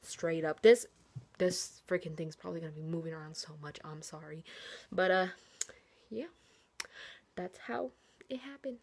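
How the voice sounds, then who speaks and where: Excitable rambling young woman vlogging. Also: fairly low pitch, moderate pace, pauses often. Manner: excitable, rambling, self-mocking, many fillers. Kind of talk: casual storytelling vlog.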